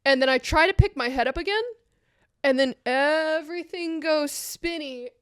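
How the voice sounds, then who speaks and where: A woman co-hosting a casual podcast, telling a personal story in an animated way and acting out the voices in it. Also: high-pitched, normal speed, no echo, studio quality. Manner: animated, acts out voices in her stories. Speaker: co-host.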